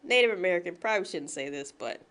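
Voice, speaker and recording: A woman's voice: fairly low pitch, animated, fast talker, fairly bright tone, smooth. A tipsy woman co-hosting a casual podcast chat, laughing often, her words slightly slurred. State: tipsy from drinks. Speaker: podcast co-host.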